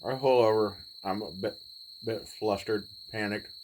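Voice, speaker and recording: A man in his forties, telling a personal story in a laid-back, rambling way with pauses. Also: on the low side, noisy background. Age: 40s. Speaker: vlogger. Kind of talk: casual storytelling.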